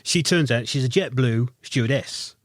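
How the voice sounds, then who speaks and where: A man's voice: medium pitch, normal speed, dry recording, studio quality. A man from Birmingham with a Brummie accent, a podcast guest telling a story and acting out what people said. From Birmingham, England. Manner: animated storyteller, acting out others' lines. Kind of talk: casual anecdote telling. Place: podcast studio.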